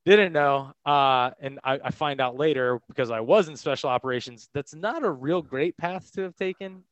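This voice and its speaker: A man's voice: on the high side, normal speed, clean tone. A man from the United States, a podcast guest, frankly and casually telling his own story in conversation. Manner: casual, frank, loose with fillers.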